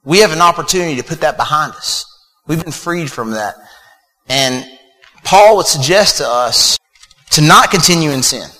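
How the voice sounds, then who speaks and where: A man's voice: fairly high pitch, expressive, moderate pace, sharp tone. A man preaching a sermon in a casual, conversational way, with fillers and repeated words. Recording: long reverb of a hall.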